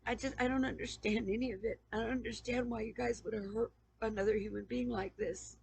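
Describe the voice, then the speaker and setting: A woman's voice: a little high, steady tone, fairly quick, a little mellow, rough recording. A woman YouTuber in an emotional personal appeal to camera, pleading and stammering with repeated questions, on the verge of tears. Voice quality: raspy, gravelly.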